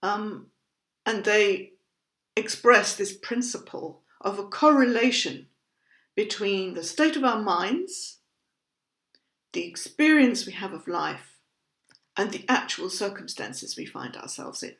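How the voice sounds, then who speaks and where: A woman gives a calm, explanatory talk on Buddhist ideas, taking her time to unpack technical terms. Her voice sits at an ordinary middle pitch. The room around her adds a noticeable echo. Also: vocal fry. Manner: measured, thoughtful, explaining terms patiently. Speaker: Buddhism teacher. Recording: roomy echo.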